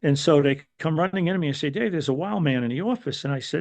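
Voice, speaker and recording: This older New Yorker, a onetime wrestling referee appearing as a podcast guest, talks fast in a highish voice with few pauses. His casual storytelling wanders, packed with fillers, false starts, and lively quoted lines.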